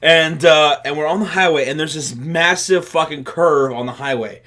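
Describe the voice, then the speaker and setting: Animated, swearing young man telling a story. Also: fairly high pitch, moderate pace. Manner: animated, profane, loud bursts. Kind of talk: casual story time chat.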